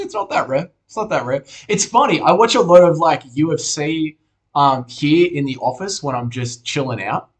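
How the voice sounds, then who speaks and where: Young Australian male streamer, relaxed casual chat host, sweary and matey. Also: fairly high pitch. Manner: laid-back, swears often, calls viewers mate.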